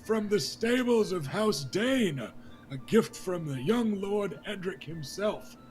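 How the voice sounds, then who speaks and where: A man voicing a boisterous, generous king who bellows slow proclamations to a crowd. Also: sits high, lively intonation, darkish tone, soft background music, voice pushed up. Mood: bellowing. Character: booming jovial bearded king, boisterous and generous.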